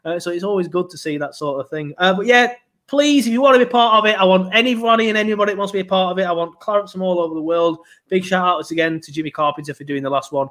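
A young man hosting a podcast. His voice sits slightly high. He chats casually, rambling, swearing and restarting his sentences. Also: fast talker, fairly bright tone. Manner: rambling, swearing, self-interrupting. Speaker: podcast host. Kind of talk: casual chat.

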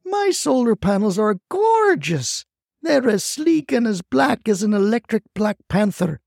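A man plays a feisty old grandmother, impatient and indignant, her voice jumping high into shrill scolding outbursts. The tone is gravelly and mellow, recorded close and dry for a storybook telling. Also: very animated, unhurried, no echo, full character voice. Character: feisty impatient retired grandmother, older woman.

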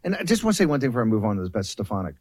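A man's voice: lowish voice, sing-song, very fast, a little mellow, dry recording. A male talk-show host who speaks emphatically and keeps repeating key phrases. His voice sits dry and close to the mic, with no room sound around it. He cuts in on his guest. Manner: emphatic, repetitive, interrupts guest.

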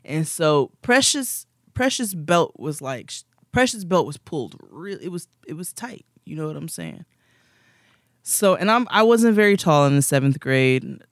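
A young man, a podcast co-host, telling rambling, animated stories in casual chat and laughing often. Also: fairly high pitch, a little slow, no echo, studio quality.

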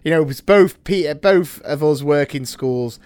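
A man's voice: fairly high pitch, normal speed, darkish tone, smooth, no echo. A man in his thirties hosting a podcast in casual chat, upbeat and bantering, making playful sound-effect noises. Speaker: podcast host.

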